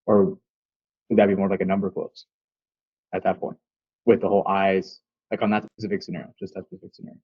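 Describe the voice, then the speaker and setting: A man's voice: low voice, little pitch movement, fast talker, long pauses, husky, no room sound, highs cut off. A man in a casual chat, asking hesitant, rambling questions full of fillers.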